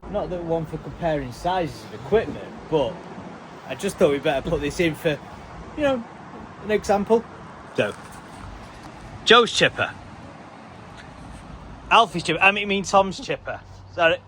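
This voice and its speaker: A man's voice: a little high, expressive, normal speed, pauses often, bright, forceful tone, slight background noise. A man giving a chatty, self-mocking running commentary on his building work. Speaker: vlogger.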